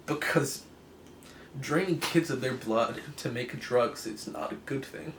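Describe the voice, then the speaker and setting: A man's voice: mid-range voice, a little slow, gravelly, a bit bright. Rambling man reviewing comics, echoey room. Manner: rambling, laughs easily, self-correcting. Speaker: comic book video host. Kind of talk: casual comic review chat. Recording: echoey room, faint hiss.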